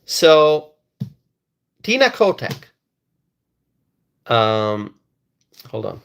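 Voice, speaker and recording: A man's voice: mid-range voice, big pitch swings, very slow, creaky, clear, resonant tone. A man doing live-stream commentary and reading viewer comments, emphatic and repetitive, often stalling and restarting words.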